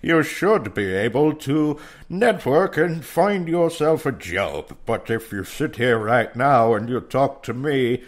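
A man voicing a smug man giving career advice in a coffee shop, in a pompous, drawn-out, loud way. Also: mid-range voice, animated, pitched above the performer's own voice.

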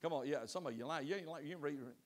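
Male pastor with a high-pitched voice, preaching in church; rises to loud exhortation, then drops to soft pleading. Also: rapid-fire. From United States. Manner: asks the congregation direct questions. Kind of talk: sermon. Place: church sanctuary.

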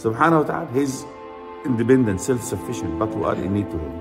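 A man's voice: mid-range voice, sing-song, fast talker, big-room sound, music in the background. A man with an Arabic accent preaching a storytelling sermon, acting out the characters in his tale and reciting Arabic verses.

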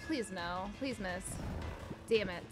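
A young woman streaming a video game, excitable, yelping and swearing as she plays. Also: medium pitch, slow, music in the background. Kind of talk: live gameplay commentary.

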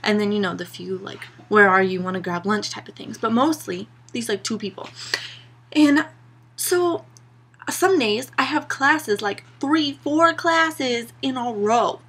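A young woman vlogger talks straight to her camera in a sarcastic, exasperated rant, peppered with "like" and "you know". Her voice is bright and slightly husky, a little higher than average. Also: a little slow. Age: young adult.

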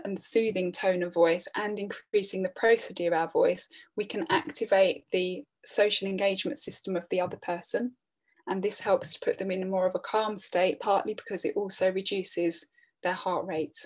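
Middle-aged woman, webinar presenter, calm and earnest, flat even delivery. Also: medium pitch. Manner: calm, earnest, with frequent restarts and fillers. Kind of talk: online training talk.

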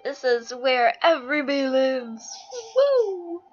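A young woman host giving casual, excitable gameplay commentary, gushing and giggly. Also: fairly high pitch, unhurried. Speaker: gaming channel host. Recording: lo-fi screen-capture audio over game music.

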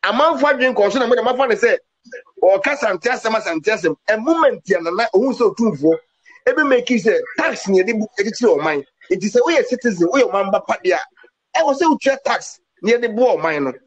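Husky high-voiced man in heated political talk. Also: lively intonation, brisk, rough recording. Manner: emphatic, mixes English words into his talk. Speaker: political commentator.

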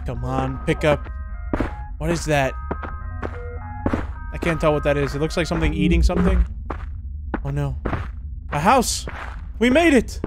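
A man giving chatty, excitable commentary while playing a horror game, reacting out loud as he goes. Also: on the high side, normal speed, pauses often, over music. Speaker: gaming YouTuber.

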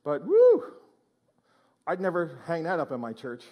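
A man's voice: a little high, huge pitch swings, measured pace, dark tone. A male pastor preaching a sermon in church, exclaiming and prodding the congregation with questions.

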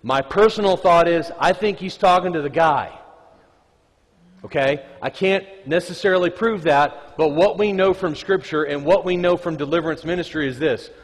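Speaking at a moderate pace in a slightly high voice, this man preaches to his congregation in a relaxed, conversational way. He's a pastor in a church sanctuary, trading jokes between scripture readings, and the hall rings with reverb.

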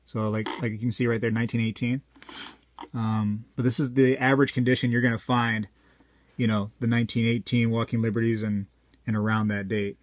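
A man's voice: mid-range voice, flat delivery, a little fast, no room sound. A man chatting casually to viewers while weighing coins, rambling and joking as he goes. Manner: rambling, jokey, talks to viewers directly. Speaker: coin collector vlogger.

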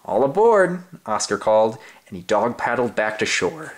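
A man's voice: fairly low pitch, moderate pace, background noise. A young man reading a children's story aloud in an overly silly, playful, exaggerated way. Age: young adult. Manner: playful, exaggerated, sing-song.

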